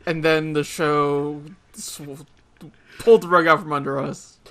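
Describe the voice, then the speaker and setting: A man from California co-hosting a casual podcast, chattering in a quick, animated way with frequent laughter. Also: fairly high pitch. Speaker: podcast co-host. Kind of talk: casual chat.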